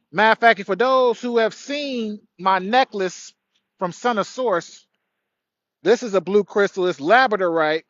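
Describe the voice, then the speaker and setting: Bright, high-voiced man on a phone livestream. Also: no echo. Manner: warm greetings to viewers, loose rambling delivery. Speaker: livestream host. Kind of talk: casual spiritual livestream chat. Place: indoors at night. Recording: dry, dull lo-fi phone audio.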